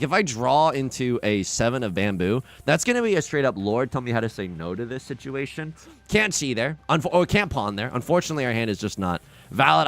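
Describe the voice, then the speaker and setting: A young man streaming an online mahjong game, joking and reading out chat in a casual, animated way. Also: a little high. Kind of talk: casual livestream commentary while playing mahjong.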